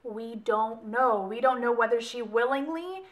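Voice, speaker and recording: A woman's voice: a little high, measured pace. A young woman giving a casual, rambling book review vlog, often stopping to correct herself. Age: young adult. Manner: rambling, self-correcting, chatty. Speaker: book vlogger.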